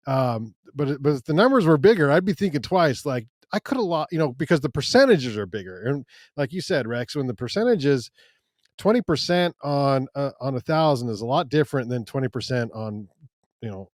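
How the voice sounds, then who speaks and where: A man's voice: a little high, a little mellow, no echo, studio quality. A man co-hosting a casual finance podcast, with easygoing, joking asides. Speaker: podcast co-host.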